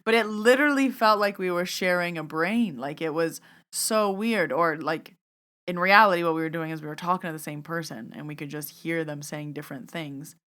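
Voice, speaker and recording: Female podcast host with a slightly low voice, casual chatty storyteller who leans on "like" a lot. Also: steady tone, moderate pace, fairly bright tone. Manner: chatty, frequent "like" fillers, acts out her inner thoughts.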